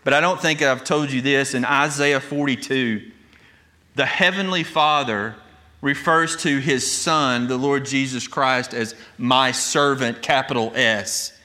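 Male pastor, sermon delivery, emphatic and earnest, bright tone. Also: medium pitch, a little slow. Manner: earnest, emphatic preaching with repeated restarts.

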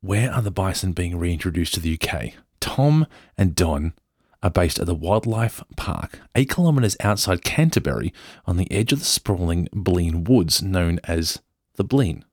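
A low-voiced Australian man hosts a podcast, reading an article with jokey, self-interrupting asides. His tone is slightly husky and swings up and down a lot. The room sound is very dry. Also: animated, a little slow, darkish tone, dry recording. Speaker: podcast host. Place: indoor room.

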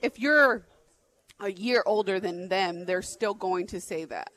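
A woman's voice: mid-range voice, measured pace, a bit bright, dry recording, poor audio. A woman in her thirties from Arizona, chatting casually as a podcast co-host and rambling with lots of filler words and restarts. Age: 30s. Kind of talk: casual chat.

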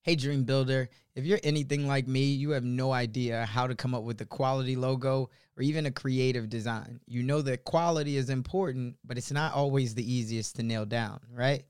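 Smooth, dry-voiced podcast host, a man. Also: medium pitch, fairly even intonation, normal speed, hardly any pauses, a little mellow, no echo. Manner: casual, conversational. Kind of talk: podcast interview and read ad.

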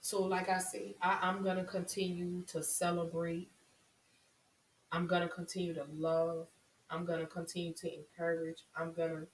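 A woman's voice: lowish voice, slight background noise. A woman giving an impassioned monologue to her viewers. She speaks with emotion and often repeats herself for emphasis. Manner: impassioned, repetitive, voice rising with emotion. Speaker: vlogger. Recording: roomy echo, voice from a distance.

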